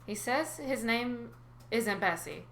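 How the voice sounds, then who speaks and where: A woman's voice: on the high side, animated, slow pace, a bit bright, slight background noise. A woman voicing a earnest young satyr. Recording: roomy recording.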